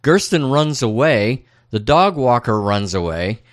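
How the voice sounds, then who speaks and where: A man's voice: mid-range voice, big pitch swings, a little slow, dry recording, clean studio sound. A man hosting a casual podcast, recapping a TV episode in a laid-back, profane, amused way. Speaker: podcast host.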